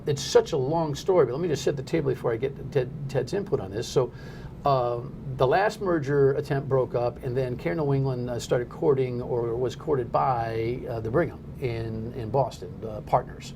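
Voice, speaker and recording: Against a noisy background, a middle-aged talk radio host from New Jersey rambles bluntly, his pitch leaping upward as he gets heated.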